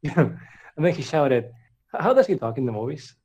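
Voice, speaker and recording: A man's voice: fairly high pitch, very animated, moderate pace, creaky, a crowd in the background. Giggly young man reading fan fiction. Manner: giggly, breaks into laughter often. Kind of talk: comedic dramatic reading with commentary.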